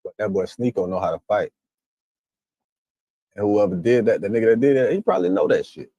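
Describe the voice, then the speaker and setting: A man giving casual reaction commentary on a stream, his pitch swinging widely as he laughs and acts out lines in high mocking voices. His voice is slightly husky, recorded dry and close on a desk mic. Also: animated, fairly quick, dark tone, dry recording, lo-fi sound.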